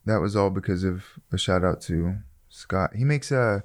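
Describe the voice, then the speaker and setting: A man co-hosting a casual podcast, relaxed and joking, with frequent laughter. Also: low voice, moderate pace. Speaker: podcast co-host.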